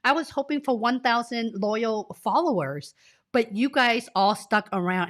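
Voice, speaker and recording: This career coach, a woman in her forties, has a slightly high, bright voice with lively intonation and a moderate pace. Speaking into a desk mic during a home-office live stream, she's sick, sniffly and tearful, talking to viewers with effusive emotion.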